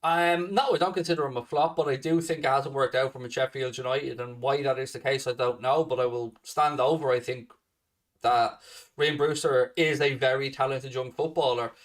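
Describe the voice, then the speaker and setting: A man's voice: mid-range voice, fairly even intonation, moderate pace, recorded from a distance. A man hosting a fan channel, answering viewer questions in a blunt, sweary, casual chat.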